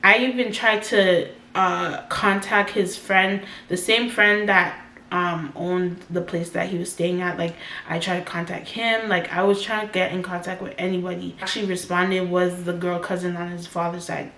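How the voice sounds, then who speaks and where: A woman's voice: on the low side, fairly even intonation, moderate pace, pushed and bright. Chatty young woman in an echoey room. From Canada. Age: 20s. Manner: chatty, heavy use of "like", quotes herself in dialogue. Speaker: vlogger. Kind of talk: casual storytime narration. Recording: echoey room, faint background noise.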